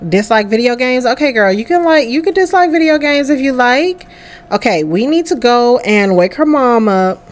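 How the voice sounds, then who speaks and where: A woman's voice: on the high side, animated, moderate pace. A young woman chatting casually through a life-sim game, talking to her character as she plays. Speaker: let's play host. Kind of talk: casual gameplay commentary.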